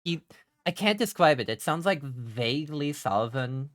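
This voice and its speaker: A man with a faded German accent giving excitable, profane live gameplay commentary as a streamer, quick to laugh. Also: medium pitch.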